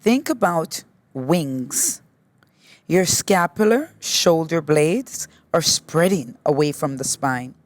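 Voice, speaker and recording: Calm woman yoga instructor, lower register, talks students through poses slowly and encouragingly. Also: no echo. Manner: slow, patient step-by-step cueing; gently encouraging. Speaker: yoga teacher. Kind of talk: guided yoga class instruction.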